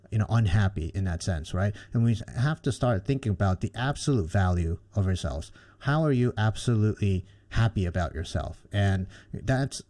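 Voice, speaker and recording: A man's voice: lowish voice, dark tone. A male podcast host speaking thoughtfully and reflectively as he sums up ideas and asks his guest questions. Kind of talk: interview conversation.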